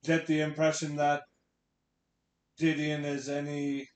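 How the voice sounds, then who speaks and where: Lost android man, hesitant and halting, slightly high voice, echoey room, as a player voices him. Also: monotone. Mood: unsure.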